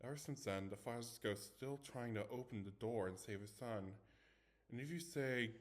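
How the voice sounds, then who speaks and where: A man's voice: mid-range voice, normal speed. A man reading a scary story aloud in first person, dramatic, with small stumbles. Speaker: story reader.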